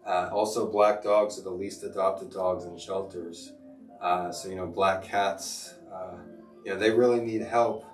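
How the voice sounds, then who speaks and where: Low-voiced man rambling in an echoey room. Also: steady tone, measured pace. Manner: rambling, many fillers and restarts. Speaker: teacher and livestream host. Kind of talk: casual livestream chat. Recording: echoey room, far from mic, music behind.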